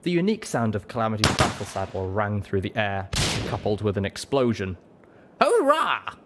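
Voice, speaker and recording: A man narrating a story in first person with a steady, dramatic reading. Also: lowish voice, fairly quick, noisy background. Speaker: audiobook reader.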